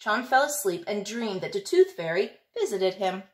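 A woman teacher reading a picture book aloud, in an expressive, lilting storytelling manner. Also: medium pitch, normal speed.

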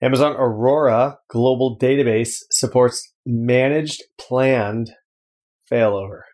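A man's voice: mid-range voice, steady tone, slow pace, a little mellow. A man co-hosting a tech podcast, reading news items out and then bantering lightly. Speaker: podcast co-host reading headlines. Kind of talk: casual tech chat.

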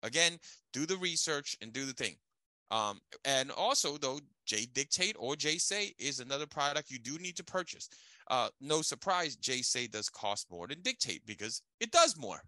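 In a casual tech training session, a man teaches in an animated, emphatic way, often checking in with listeners by asking "okay?" His voice is mid-range and his speed normal. There's no echo on the recording.

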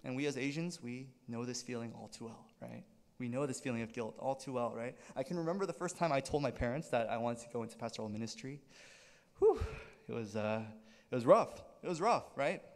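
A man preaching a sermon as pastor, in an animated style that keeps checking in with the congregation. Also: mid-range voice, fast, long reverb tail. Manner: animated preaching with frequent "right?" check-ins. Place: church sanctuary.

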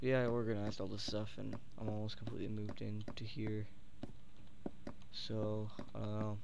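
A young man hosting a casual gaming video, rambling and joking, swinging from mumbles to shouts. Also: on the low side, completely flat delivery, normal speed, vocal fry, noisy background. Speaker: gaming channel host.

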